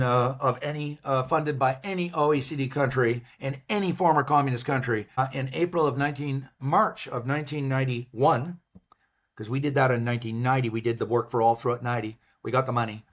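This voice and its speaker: An older Canadian man speaks as a guest, telling his stories with animated energy and slipping into his own past lines. His voice is husky and sits at a middle pitch for a man. The recording comes through dull and lo-fi. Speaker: guest, business professor. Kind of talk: storytelling in an interview. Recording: dull, lo-fi sound.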